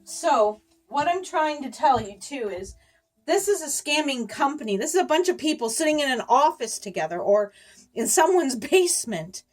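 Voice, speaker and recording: A middle-aged woman YouTuber with a slightly high voice warns viewers about scammers, chatting to camera loosely and casually. She rambles, circles back and laughs between words while telling a story, with big pitch swings at normal speed.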